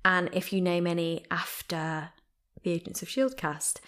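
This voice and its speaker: A woman's voice: lowish voice, unhurried. British woman, podcast host, bubbly and giggly, casual email reading. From Britain. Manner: bubbly, giggly, reads emails aloud with lively asides. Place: at home.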